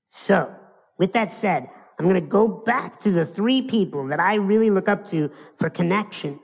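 A man from the United States giving a live motivational speech to an audience. He is playful and animated, and he acts out other people's lines. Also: high-pitched. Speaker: motivational speaker. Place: large hall before an audience. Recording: long hall reverb.

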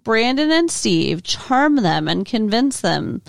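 High, animated woman with a dry sound. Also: slow, vocal fry, no room sound. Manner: exasperated and wry, swears freely. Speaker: podcast co-host. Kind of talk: casual recap chat.

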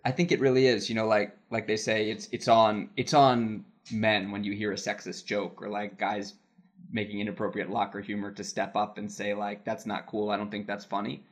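A man's voice: on the low side, level tone, normal speed. Chatty man telling a work story. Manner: chatty, laughs while telling anecdotes, many "like" fillers. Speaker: podcast co-host, voice actor in Japan. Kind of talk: casual podcast chat, storytelling.

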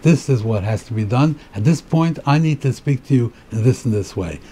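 A man, a rabbi, giving an informal weekly Torah class, talking conversationally, thinking aloud, repeating words and getting excited when he makes a point. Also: mid-range voice, normal speed, husky. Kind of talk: informal spoken Torah lecture.

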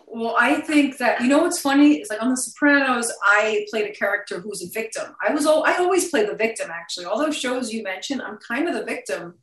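A woman in her fifties with a New York accent, a guest talking in a casual interview, blunt, profane and quick to laugh. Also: on the high side, lively intonation, fairly bright tone. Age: 50s. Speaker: actress guest. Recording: roomy sound, distant from the mic.

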